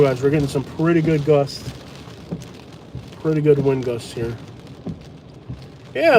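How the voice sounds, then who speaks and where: A man vlogging live from inside a truck during a hurricane, talking in a blunt, mocking, excitable way. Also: on the high side. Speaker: storm-chasing vlogger. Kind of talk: live storm commentary. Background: rain and wind.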